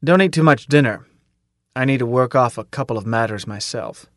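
A man voicing a gruff army captain who barks clipped orders. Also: medium pitch, brisk, a bit bright, no echo, studio quality, lightly acted. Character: gruff barking army captain, commanding officer.

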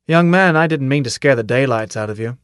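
A man's voice: mid-range voice, lively intonation, fairly quick, fairly bright tone, clear, resonant tone, dry recording, close to an everyday voice. Stern old army commandant , a guy putting it on, clipped and bossy, dry close sound. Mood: commanding. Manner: clipped, authoritative, with pointed questions. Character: stern older male military commandant, gruff and commanding. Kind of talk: audiobook character reading.

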